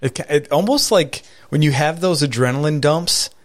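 A man's voice: a little high, normal speed. A man in casual chat, chiming in with wisecracks.

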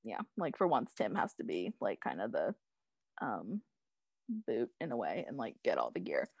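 A young woman co-hosting a podcast recaps a TV episode in casual chat, rambling with lots of "like" and "um" and laughing often. Her voice is husky and extremely low, with huge pitch swings, delivered at normal speed with no echo.

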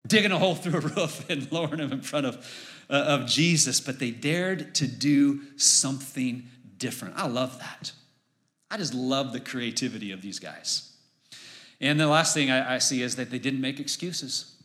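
A man delivers a sermon in a bright, fairly high voice. He talks conversationally and energetically, often turning to the audience with questions. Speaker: pastor.

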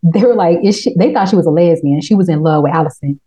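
A woman with a lower voice and a mellow, relaxed tone, recapping a TV episode in casual chat. She talks in a slangy, profane, animated way, jumping into quick impressions of the characters as she goes. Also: husky, rough recording. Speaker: podcast host.

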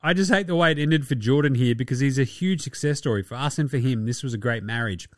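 A man's voice: medium pitch, quick pace, no room sound, studio quality. An Australian man hosting a casual sports podcast, talking in a rowdy, profane and mocking way. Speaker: podcast host.

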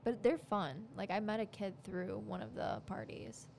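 A woman's voice: medium pitch, animated, normal speed, vocal fry, darkish tone, slight background noise. A young woman co-hosting a podcast, chatting casually, giggling and teasing a lot. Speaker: podcast co-host. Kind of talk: casual chat.

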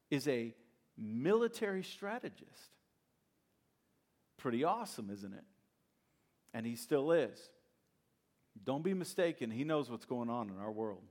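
A male pastor preaching a sermon, retelling a story with animated, humorous asides to the congregation. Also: a little high. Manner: addresses congregation directly.

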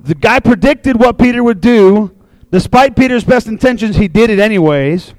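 Guy preaching casual, high voice, chatty storyteller, dry close sound. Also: moderate pace, dry recording, poor audio. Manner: chatty and animated, acting out voices in quotes. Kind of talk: casual sermon retelling a Bible story. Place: room with a live audience.

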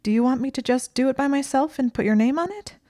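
A woman's voice: quick pace, warm tone, no room sound, clean studio sound, natural voice. Woman reading as flustered young student girl. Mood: strained, flustered. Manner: flustered, strained and shrill at times.

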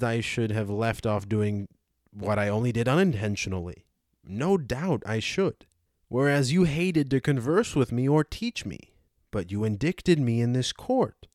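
A man's voice: fairly low pitch, a little mellow, no room sound, clean studio sound, lightly acted. A man reading the part of an aged male philosopher, cross-examining with rhetorical questions, for a dramatized audiobook.

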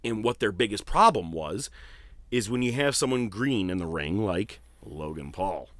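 A man hosting a casual wrestling podcast, telling stories in a profane, animated way. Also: on the low side, moderate pace, no room sound. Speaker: podcast host.

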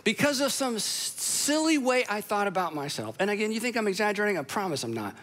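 A middle-aged man preaching a sermon, telling a personal story with humor and a lively delivery. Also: sits high, fast.

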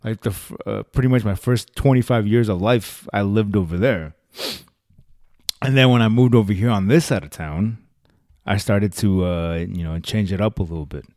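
A man's voice: fairly low pitch, normal speed, a little mellow, no echo. Curious young man, dry close sound. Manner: curious, laughing, prods with questions. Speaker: conversation partner. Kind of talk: casual chat.

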